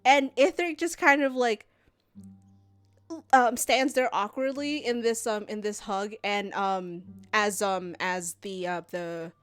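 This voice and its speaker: A woman streamer, game master, narrating a tabletop game on a live stream, halting with many fillers. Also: medium pitch, steady tone, fairly bright tone, smooth, dry recording, clean studio sound.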